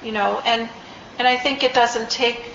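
A woman giving a dharma talk as a meditation teacher, reflective and unhurried, with frequent ums and restarts. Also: on the high side, steady tone, noisy background. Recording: roomy, slightly dull recording.

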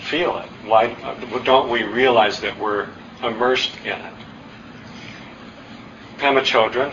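A middle-aged man giving an earnest, self-deprecating public talk, with halting restarts. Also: on the low side, pushed and bright, roomy sound, slight background noise. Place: hall with an audience. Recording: distant, dull lo-fi talk recording.

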